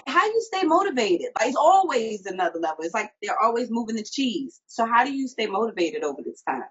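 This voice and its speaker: A woman's voice: a little high, sing-song, fairly quick, breathy edge. A woman hosting an interview show, asking eager, admiring questions. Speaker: show host. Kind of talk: interview chat. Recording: dull lo-fi audio.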